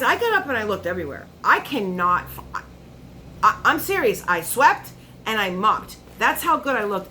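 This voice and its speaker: A woman beauty vlogger chatting casually at her makeup table while unboxing products, telling stories with animated asides to her viewers. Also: medium pitch, a little hiss or hum.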